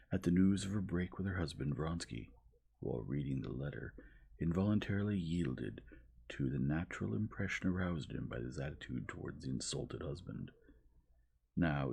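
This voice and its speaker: A man narrating a classic novel in a slow, hushed and gentle ASMR reading voice. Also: a bass voice, creaky, slightly rough.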